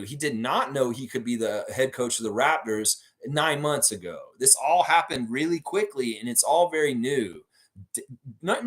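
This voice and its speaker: A man's voice: medium pitch, fairly bright tone. A man hosting a fan livestream, chatting casually and answering viewer comments in a rambling way with lots of fillers.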